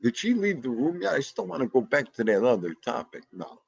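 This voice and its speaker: A man's voice: medium pitch, big pitch swings, a little fast, creaky, breathy edge, no echo. A middle-aged man, hosting a livestream and chatting casually and chattily with viewers, laughing as he goes. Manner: chatty, laughing, talks back to the chat. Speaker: livestream host. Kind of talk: casual chat with live viewers.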